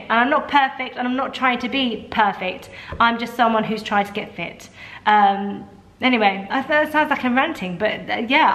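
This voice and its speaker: A woman's voice: fairly high pitch, fairly bright tone. A woman, talking casually in a video diary, rambling and self-deprecating with plenty of restarts and asides. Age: 30s. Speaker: vlogger.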